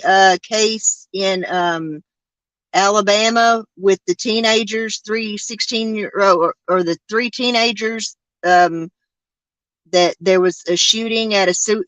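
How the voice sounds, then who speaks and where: A woman's voice: medium pitch, fairly bright tone, no echo. A woman, hosting a podcast in a casual chat that rambles and halts with many fillers and restarts. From Arkansas. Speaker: podcast host.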